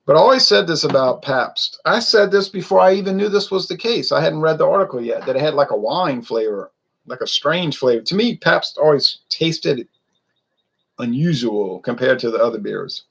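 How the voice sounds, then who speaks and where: A man's voice: a little high, lively intonation, normal speed, creaky, a bit bright, slightly rough, low-quality recording. A man, chatting loosely and rambling through a casual beer review. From Louisiana. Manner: rambling, chatty, wanders off topic.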